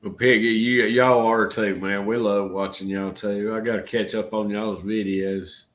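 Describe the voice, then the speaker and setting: A middle-aged man from Georgia with a Southern accent hosts a casual livestream chat. His voice sits a little low, and his talk is folksy and rambling, full of y'all. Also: little pitch movement, moderate pace. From Georgia, USA. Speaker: channel host.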